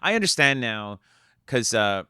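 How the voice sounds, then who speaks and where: A middle-aged man from Canada, a stand-up comedian guest telling animated stories in casual podcast chat. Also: medium pitch, clear, resonant tone, no echo, clean studio sound. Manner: fast-talking, animated storyteller.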